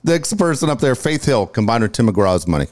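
A man co-hosting a casual podcast, easygoing and quick to laugh, also reading ad spots. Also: mid-range voice, sing-song. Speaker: co-host. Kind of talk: casual podcast banter, reads ads.

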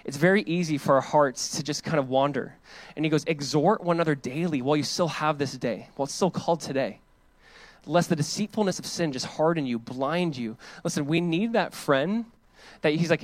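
A man preaching a sermon as pastor, casual and animated, acting out the voices of the people in the passage. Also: fairly high pitch, a little fast, dry recording. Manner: animated, acts out quoted voices; casual preaching with many fillers.

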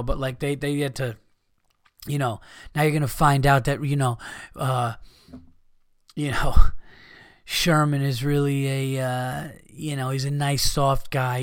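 A man's voice: mid-range voice, clean tone, no echo, clean studio sound. A man hosting a podcast, ranting in a profane, exasperated way and mocking people by imitating them. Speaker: podcast host. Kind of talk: ranting monologue.

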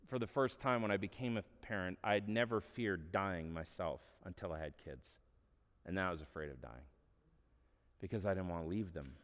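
A man's voice: on the low side, in a large hall. A man preaching a sermon as a pastor, earnest and conversational, with offhand asides. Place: church hall.

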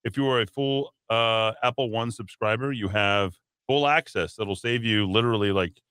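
Bright-voiced man hosting talk radio. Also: on the low side, moderate pace, smooth, dry recording. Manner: rambling, reads headlines then riffs with filler words. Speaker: radio talk show host. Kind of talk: talk radio news rundown with asides. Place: radio studio. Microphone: studio microphone.

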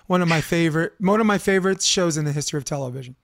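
A man hosting a podcast, telling rambling, animated stories in casual chat and swearing freely as he goes. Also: on the high side, brisk, vocal fry, no room sound, clean studio sound. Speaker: podcast host.

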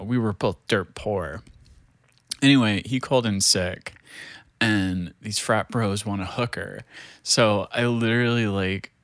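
A man's voice: lowish voice, no room sound. A man in his thirties telling a rambling story, full of fillers, swearing and laughter. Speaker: show creator. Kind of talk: casual storytelling.

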